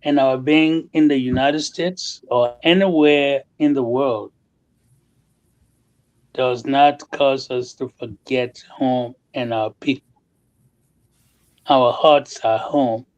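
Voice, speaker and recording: A man with a Liberian accent making a formal, measured statement on a talk show. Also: mid-range voice, steady tone, highs cut off.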